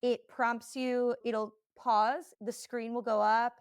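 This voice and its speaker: A woman's voice, pitched a little high, hosts a podcast with lively, chatty storytelling. She laughs easily and acts out her own reactions. The sound is close and dry. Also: takes it slowly, clean tone, dry recording. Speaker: podcast host. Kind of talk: casual podcast conversation.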